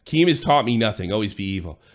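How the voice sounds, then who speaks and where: An angry man in a profane, accusing rant, sometimes shouting. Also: on the low side, expressive, fast talker. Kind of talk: heated rant.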